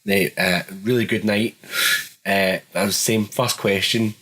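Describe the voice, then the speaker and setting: A man's voice: on the low side, steady tone, a little slow, fairly bright tone, low-quality recording. A man co-hosting a podcast, dropping dry quips in casual banter. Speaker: podcast co-host.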